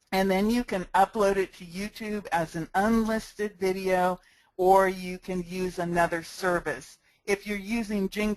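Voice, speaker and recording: A woman's voice: on the low side, no echo, low-quality recording. A woman giving a step-by-step screencast tutorial into a cheap headset microphone, friendly and practical, talking with a smile. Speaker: sales marketing instructor.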